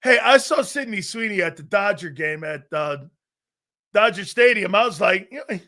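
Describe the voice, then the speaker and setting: A middle-aged man hosting a live sports talk show, reading chat messages aloud, laughing often and arguing back loudly. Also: sits high, normal speed. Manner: loud, excitable, laughs often, argues with chat.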